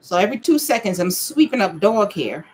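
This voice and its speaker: A woman, possibly older, chatting casually as she makes soap for her vlog, telling playful stories in a lively, animated way. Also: medium pitch, fairly quick. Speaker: vlogger. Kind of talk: casual chat while making soap.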